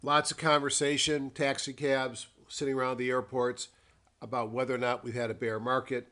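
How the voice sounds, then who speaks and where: A man dictating a weekly stock market review with a formal disclaimer, talking in an unhurried way and thinking aloud with frequent ums and pauses. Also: mid-range voice, little pitch movement, sharp tone. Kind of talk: dictated screen-share market commentary.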